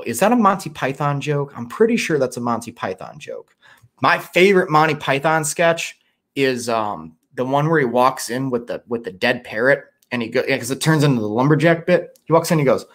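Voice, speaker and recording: A man hosts a casual livestream and rambles from one thought to the next, swearing freely and teasing himself. His voice sits at an ordinary mid pitch as he reads out chat messages. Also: sing-song, brisk, a bit bright. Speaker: livestream host.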